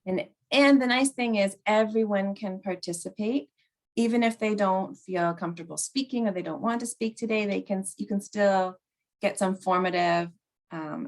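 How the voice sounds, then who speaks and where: A woman's voice: medium pitch, normal speed, gravelly. A woman teacher, presenting classroom activities at a workshop in an upbeat way, laughing often.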